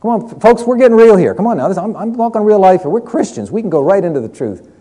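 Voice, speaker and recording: A man's voice: sits high, sing-song, fast talker, warm tone, husky. A middle-aged man preaching a sermon, telling stories from his counseling in an earnest way, often repeating words as he goes.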